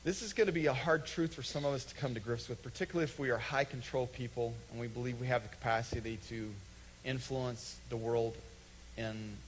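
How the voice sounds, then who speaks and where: A man preaching a sermon from the stage of a church, talking conversationally, acting out short quoted exchanges and slowing down to stress key lines. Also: medium pitch, slight background noise, low-quality recording. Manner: conversational, acts out little quoted dialogues, slows for emphasis. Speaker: pastor. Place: church sanctuary.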